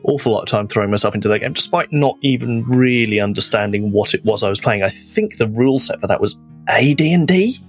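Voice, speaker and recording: A man's voice: medium pitch, lively intonation, fast, soft background music. A man in his late thirties, a guest player chatting casually and wryly about himself. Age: late 30s. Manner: wry, self-deprecating, with restarts. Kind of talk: casual chat.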